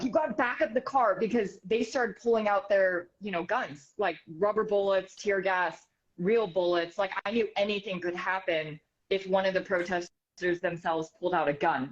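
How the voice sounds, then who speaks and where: A woman from the United States, a news reporter and author, telling an animated story as an interview guest, quick and full of fillers. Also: mid-range voice. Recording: slightly dull, muffled sound.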